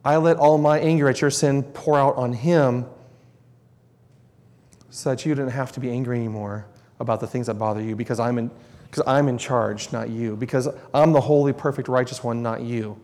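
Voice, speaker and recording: A man's voice: mid-range voice, fairly even intonation, normal speed, darkish tone, voice pushed down, lightly acted. A man voicing God as stern and wrathful yet merciful, with emphatic, repeated declarations, heard with long hall reverb.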